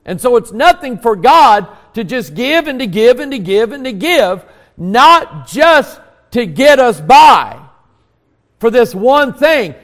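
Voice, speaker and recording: A man preaching a sermon to a congregation, building to emphatic peaks and dropping to quiet, earnest prayer. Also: extremely high pitch, very animated, slow pace, long reverb tail. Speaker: pastor. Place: church sanctuary.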